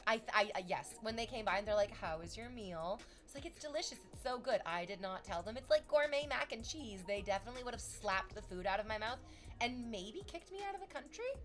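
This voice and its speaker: A young woman streamer from Canada chatting casually with her viewers, telling stories with lively acted-out voices. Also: fairly high pitch, fast, soft background music. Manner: animated storytelling, acts out voices.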